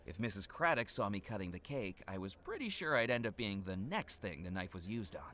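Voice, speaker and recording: A man's voice: fairly low pitch, very animated, fairly quick, sharp tone. An actor playing a wry male investigator who narrates a video game in a dry manner. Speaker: game character.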